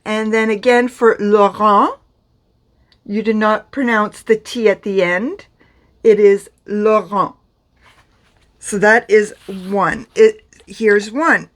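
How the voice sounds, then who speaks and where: A woman's voice: medium pitch, fairly even intonation, slow pace. A middle-aged woman from France teaching pronunciation to camera in a chatty, self-deprecating way. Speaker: beauty vlogger teaching pronunciation.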